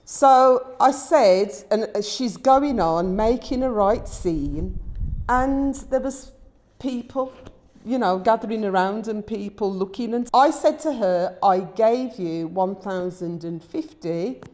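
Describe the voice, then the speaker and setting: Slow-talking English woman vlogger. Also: mid-range voice. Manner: animated, indignant retelling with quoted dialogue. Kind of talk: casual storytelling vlog.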